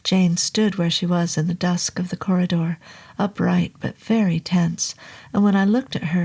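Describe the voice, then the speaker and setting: A woman narrating a horror novel in a slow, low, hushed delivery, at times dropping to a whisper. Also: creaky, breathy edge.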